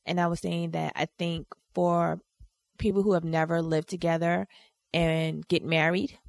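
Gravelly low-voiced woman, laughing and teasing. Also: flat delivery, a little slow, a little mellow, dry recording, clean studio sound. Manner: playful and teasing, laughs often. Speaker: podcast co-host. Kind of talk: casual chat.

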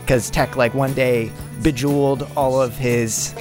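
A man's voice: mid-range voice, fairly even intonation, a little slow, music in the background. A man narrating his character's actions in a tabletop role-playing game, rambling and profane.

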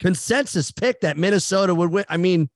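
A man hosting a sports betting show, briskly rattling off spreads, percentages and his picks. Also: high-pitched, dry recording. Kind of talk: casual sports betting chat.

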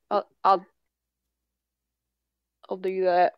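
Brief: tabletop player, smooth blunt weary voice, dull lo-fi recording. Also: female voice, mid-range voice, steady tone, normal speed, no echo. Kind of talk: in-character tabletop play.

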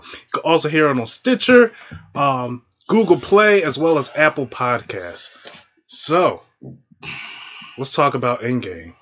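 A man's voice: mid-range voice, pushed and bright, lo-fi sound. A man hosting a casual podcast panel, laughing often and stumbling over his words. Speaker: podcast host.

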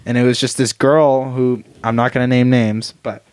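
A young woman co-hosting a podcast, chatting casually and telling animated stories full of "like" fillers. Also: very deep voice, normal speed. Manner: animated storyteller with many "like" fillers. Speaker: podcast co-host. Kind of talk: casual chat.

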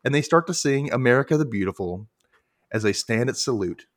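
A man casually recapping a cartoon on a podcast, animated, laughing often and acting out quotes. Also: mid-range voice, fairly quick, no echo, studio quality. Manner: animated retelling, frequent laughter, acts out quotes.

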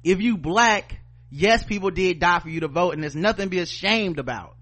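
A man with a Southern US accent, high-pitched and a bit bright at a moderate pace, co-hosts a podcast. He swears often, reads out news and rants with sarcasm and heat in a profane opinion style.

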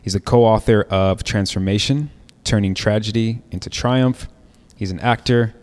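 A man's voice: on the low side, normal speed, darkish tone. A man hosting a podcast, upbeat and chatty as he introduces and interviews his guest. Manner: upbeat, friendly, chatty, with frequent fillers. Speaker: podcast host.

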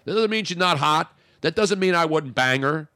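A man's voice: on the high side, animated, normal speed, pushed and bright, no echo, clean studio sound. A man hosting a radio talk show, from the Philadelphia area, rambling and joking as he talks. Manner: rambling, joking, self-interrupting. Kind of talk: casual radio banter.

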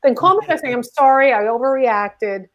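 A woman's voice: high-pitched, moderate pace, slight background noise. A middle-aged woman, a comedian and guest, telling a story in casual chat and acting out the people she quotes. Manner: animated, acts out quoted voices.

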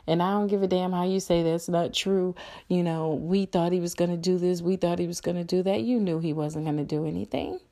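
Gravelly middle-aged woman ranting bluntly. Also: fairly low pitch, steady tone, a little fast, dark tone. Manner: blunt, angry, profane ranting. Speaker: podcast host. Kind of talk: solo opinion podcast.

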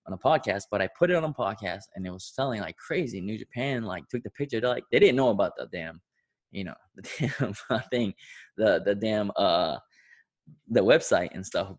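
A man hosting a podcast, telling a long rambling story with lots of swearing and laughter. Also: lowish voice. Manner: rambling, profane, laughs often. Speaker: podcast host. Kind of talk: casual storytelling.

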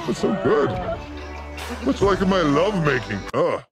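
A man hosting a livestream, reacting to clips with crude, excitable jokes. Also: fairly high pitch, normal speed, music in the background. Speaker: show host reacting to clips. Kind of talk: livestream clip commentary.

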